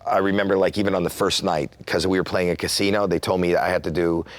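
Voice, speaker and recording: A man in his sixties from Canada, a comedian telling a story in an interview and acting out quotes with sudden jumps in pitch. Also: fairly even intonation, fast, no room sound. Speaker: comedian guest.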